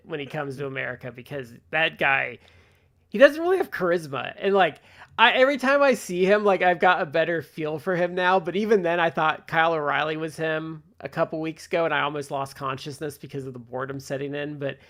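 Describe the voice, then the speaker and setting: A man's voice: a little high, lively intonation, brisk, a bit bright. A man co-hosting a podcast, talking bluntly and mockingly in casual chat. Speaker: podcast co-host.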